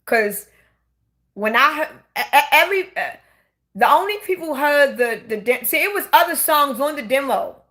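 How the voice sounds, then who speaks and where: Recounting her life in a relaxed late-night conversation, a middle-aged woman speaks in a high, animated voice that sounds pushed and bright. She's emotional and halting, frequently starting over and repeating herself.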